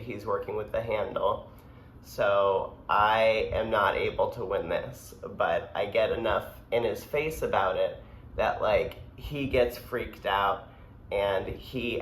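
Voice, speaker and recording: Slow-talking laid-back man. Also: on the low side. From United States. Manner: laid-back, rambling, filler-heavy. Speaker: storyteller. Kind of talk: casual personal storytelling. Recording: echoey room, faint background hum.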